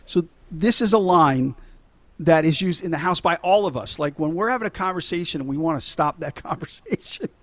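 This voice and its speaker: A man's voice: fairly high pitch, expressive, a little fast, a bit bright, no echo. A middle-aged man co-hosting a podcast, retelling movie scenes in a casual, laughing way with frequent swearing. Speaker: podcast co-host. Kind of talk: casual movie-recap chat.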